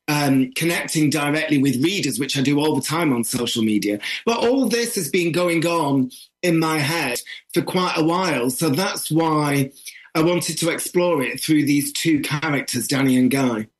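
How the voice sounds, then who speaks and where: A man with a northern English accent whose voice sits a little high for a man. He talks in an interview with animated, emphatic energy, telling his story with plenty of push. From northern England. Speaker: author. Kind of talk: interview conversation.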